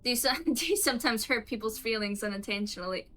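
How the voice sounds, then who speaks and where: A woman streamer with a Southern US accent, chatting casually as she answers quiz questions aloud, halting and rambling with many restarts and trailing asides. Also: a little high, a bit bright, rough recording.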